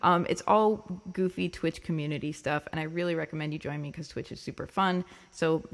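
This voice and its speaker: A woman's voice: deep voice, fairly even intonation, fairly quick. A woman hosting her own music livestream, chatting casually with viewers, laughing often and filling her talk with ums and likes. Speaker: singer-songwriter livestream host.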